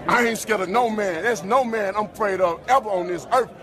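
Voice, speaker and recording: A man's voice: high voice, fairly quick, fairly bright tone. A man, a professional boxer, speaking defiantly and boastfully in an interview statement.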